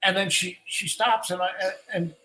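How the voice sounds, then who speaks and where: A man's voice: high voice, fairly even intonation, normal speed, sharp tone, poor audio. An older man, a guest musician, telling rambling stories in a casual live Q&A. He restarts his sentences often and acts out quoted lines.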